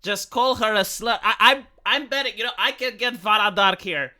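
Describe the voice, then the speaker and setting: A man's voice: sits high, moderate pace, pushed and bright. A man hosting a casual reaction commentary, rambling and sarcastic, swearing freely and restarting his sentences often. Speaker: YouTube commentary host.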